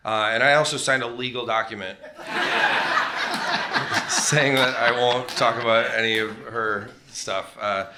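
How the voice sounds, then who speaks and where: A man's voice: mid-range voice, steady tone, measured pace, pauses often, very noisy. A middle-aged man, a comedian guest, telling rambling, self-deprecating stories on a comedy club stage and putting on voices for quotes. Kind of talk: on-stage comedic storytelling interview.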